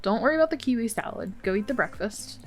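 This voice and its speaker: A woman's voice: on the high side, lively intonation, fast, faint music behind. A woman hosting a Let's Play, giving casual, chatty gameplay commentary full of exclamations and laughter.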